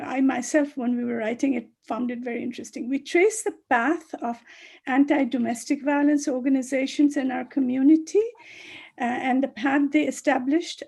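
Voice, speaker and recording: A woman speaking as a panelist on a video call, halting often with fillers and restarts. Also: sits high, gravelly, mellow, breathy edge. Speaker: panelist, chapter co-author. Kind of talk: virtual panel talk.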